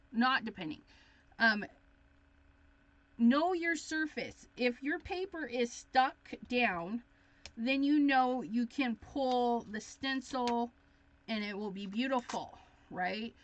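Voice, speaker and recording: A woman talks viewers through a crafting project in a casual, thinking-aloud way, getting excited as she goes. Her voice sits on the higher side and her pace is leisurely. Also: muffled recording. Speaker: craft demonstrator. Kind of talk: live crafting tutorial chat.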